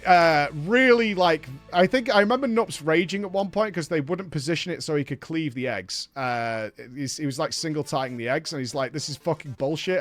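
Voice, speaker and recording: A man hosting a live stream, rambling through a story with plenty of swearing and pausing to thank viewers. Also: fairly high pitch. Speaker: streamer and show host.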